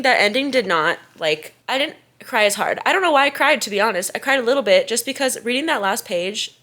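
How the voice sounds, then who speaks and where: A woman's voice: fairly high pitch, sharp tone. A young woman chatting casually in a reading vlog, gushing and bubbly, with lots of "like" and "y'all". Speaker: book vlogger.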